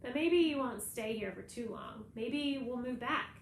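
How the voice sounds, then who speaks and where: A woman's voice: fairly high pitch, measured pace, vocal fry, echoey room, a little hiss or hum, pitched above the performer's own voice. A woman reading as Ben, a homesick boy.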